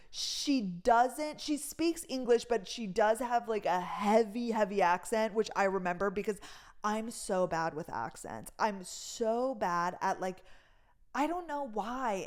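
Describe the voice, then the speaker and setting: A woman's voice: medium pitch, unhurried, darkish tone. A young woman from North Dakota chatting casually in a rambling voice-memo style, filling her talk with "like". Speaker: vlogger.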